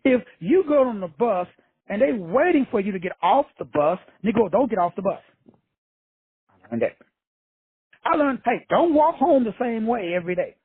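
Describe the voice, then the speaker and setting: A man's voice: high-pitched, sing-song, moderate pace, pauses often, breathy edge. A man talking bluntly and profanely in a casual, streetwise motivational monologue as the host. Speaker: motivational speaker, show host. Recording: dry, tinny phone-like recording.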